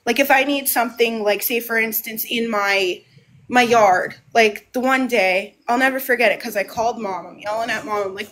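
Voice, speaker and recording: Woman on a home livestream; somewhat high pitch, rambling, restarts phrases often. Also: moderate pace, fairly bright tone, a little hiss or hum. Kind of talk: casual live monologue.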